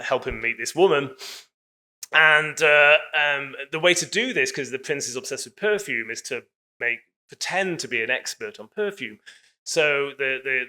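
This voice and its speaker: A man's voice: mid-range voice, sharp tone. A man giving a public lecture in a casual, digressive way, full of hedges and asides.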